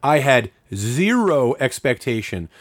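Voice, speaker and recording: A man in casual conversation whose pitch swings widely as he tells a story. He swears a lot and acts out each quote. The sound is dry and close, with no room around it. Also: a little slow, no echo. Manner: profane, animated storyteller acting out quotes.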